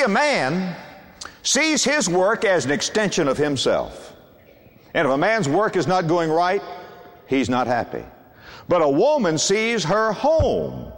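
An older man preaches with swooping, emphatic cadence and dramatic pauses. His voice sits a little high and ranges widely up and down. Long reverb trails each phrase, as if he stands in a large church. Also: fairly bright tone. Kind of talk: sermon.

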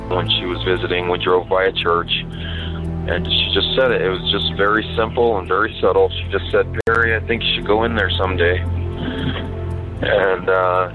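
Deep-voiced man sharing an earnest testimony. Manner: earnest, halting, with pauses and fillers. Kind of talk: personal faith testimony. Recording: dull lo-fi recording with music under it. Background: soft music bed.

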